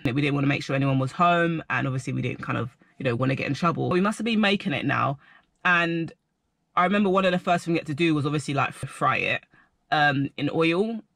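A young man telling a rambling personal story to camera, animated and full of filler words. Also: a little high, quick pace, creaky, no echo. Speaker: vlogger.

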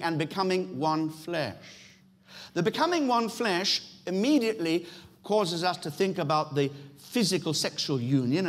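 Speaking at a fairly high pitch, a middle-aged pastor with a British accent delivers an emphatic church sermon. He talks straight to the congregation and keeps returning to key phrases.

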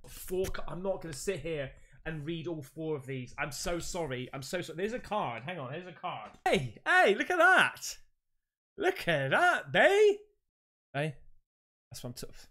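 A man hosting a casual unboxing vlog, chatty and excitable, calling his viewers mate. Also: a little high, a little slow. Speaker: YouTube host.

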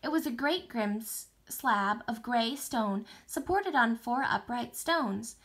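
A woman teacher reading a novel aloud for distance learning, expressive, with small slips and restarts. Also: a little high, takes it slowly, slightly rough.

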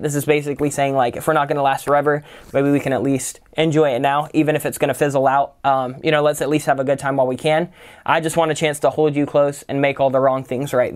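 A man's voice: a little high, clear, resonant tone. A man teaching songwriting in a casual tutorial, talking loosely and filling his sentences with "kind of" and "like". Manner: relaxed, loose, full of "kind of" and "like".

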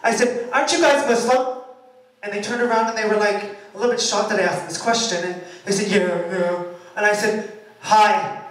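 A man telling a dramatic personal story to a live audience at a party before he sings, acting out the shouts and replies. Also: high voice, fast. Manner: animated, dramatic retelling with quoted shouts. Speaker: singer telling a story before his song. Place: party loft at a bookshop, live event. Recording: roomy, distant live-venue mic.

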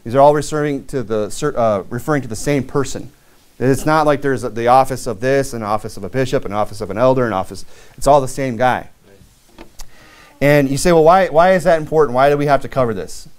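Male pastor, mid-pitched voice, preaching a sermon in a church, reading verses aloud between plain explanations. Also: fairly quick. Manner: preaching with scripture readings and frequent restarts.

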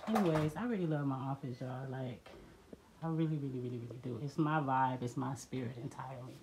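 A woman's voice: rumbling low, brisk. A woman chatting casually to her viewers as she walks through her house construction site, filming on a phone. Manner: chatty, addresses viewers as y'all. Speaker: vlogger touring her house build. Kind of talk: casual walk-through vlog. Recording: phone video with loud background noise.

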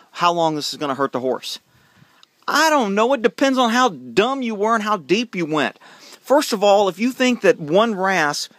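A man's voice: high-pitched, fairly bright tone, no room sound. A middle-aged man and horse trainer, ranting bluntly and with exasperation to camera, swearing and stumbling over repeated words when worked up. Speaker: horse trainer and channel host.

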